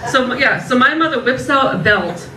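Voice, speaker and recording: A middle-aged woman doing a stand-up routine on stage, telling stories in a profane, animated way and laughing through her lines. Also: high voice, normal speed, background noise. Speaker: stand-up comedian. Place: comedy stage before a live audience. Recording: roomy, distant mic with loud crowd.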